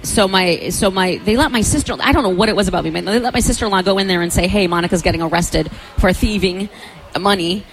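A woman telling a story in a casual chat, animated, often laughing and acting out what others said. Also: medium pitch, fast talker, a little hiss or hum, rough recording.

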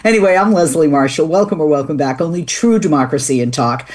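A woman's voice: sits low, animated, fast, a little mellow. A woman hosting a talk radio show, chatting with a guest in a loose way full of fillers and restarts. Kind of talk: casual talk show interview.

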